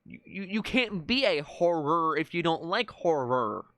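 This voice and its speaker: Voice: mid-range voice, big pitch swings, a little slow, a bit bright, no echo, studio quality. A streamer giving casual live commentary, thinking aloud and often stammering into restarts.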